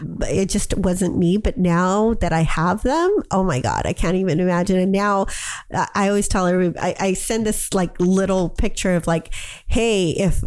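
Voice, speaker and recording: A woman's voice: lowish voice, animated, moderate pace, a little mellow. Chatty woman in her forties. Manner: chatty storyteller, acts out quotes. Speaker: podcast co-host. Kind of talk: casual chat.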